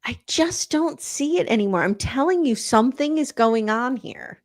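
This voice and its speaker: A woman guest on a casual recap chat, expressive and agreeable, often chiming in. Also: high-pitched, moderate pace.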